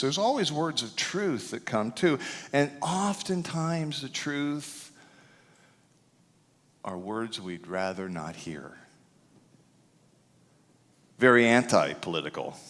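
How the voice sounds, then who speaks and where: A man preaching a sermon as pastor, animated, shouting some phrases for emphasis and dropping to a hush on others. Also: medium pitch. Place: church sanctuary. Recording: long hall reverb.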